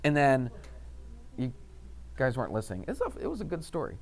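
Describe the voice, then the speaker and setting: A man's voice: mid-range voice, wildly swooping pitch, a little fast. A man teaching a math class, asking the students questions and telling a personal story in a chatty way. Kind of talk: classroom lecture with anecdote.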